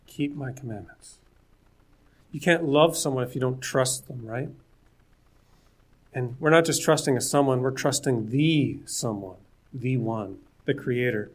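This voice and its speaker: A man preaching a sermon in an earnest, conversational way, with jokes and asides to the listeners. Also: mid-range voice.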